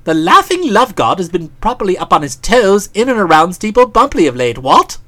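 A woman reading an audiobook who voices a breezy, chatty young English gentleman in a bright, jaunty manner. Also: medium pitch, sing-song, brisk. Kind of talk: audiobook character voice.

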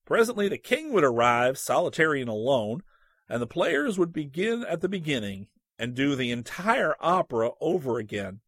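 A man narrating a humorous classic text with expressive, animated storytelling. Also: fairly high pitch, slightly rough, dry recording, studio quality.

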